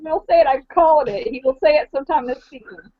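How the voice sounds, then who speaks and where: High-voiced woman in casual chat. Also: quick pace, very noisy. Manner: eager, makes confident predictions. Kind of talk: casual chat about a TV show. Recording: dull lo-fi recording.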